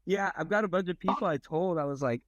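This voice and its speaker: Higher-voiced man telling a rambling story. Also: fast, lo-fi sound. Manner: rambling anecdotal storytelling with many "like"s. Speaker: podcast guest. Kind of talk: casual chat.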